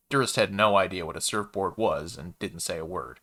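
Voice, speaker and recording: A man narrating a sci-fi story in a steady, measured reading voice. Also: low-pitched.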